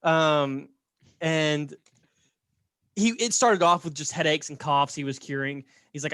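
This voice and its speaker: A man's voice: fairly high pitch, unhurried, pauses often, a bit bright, dry recording, clean studio sound. A man casually telling a story on a podcast, chatty and laughing, often checking in with "right?". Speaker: podcast host.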